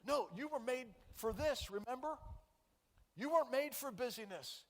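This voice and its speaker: A man preaching as pastor, earnest and conversational, sometimes dropping to a soft prayerful tone. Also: very high-pitched, expressive, normal speed. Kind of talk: sermon. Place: church sanctuary. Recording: church hall with long reverb.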